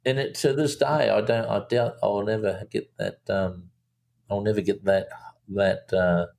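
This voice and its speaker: A low, gravelly man tells a story in a relaxed interview. He talks animatedly, stops and restarts often, and jumps higher when he acts out what people said. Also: unhurried. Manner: animated storyteller, acts out quotes in a raised voice, many fillers and restarts. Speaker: film director guest.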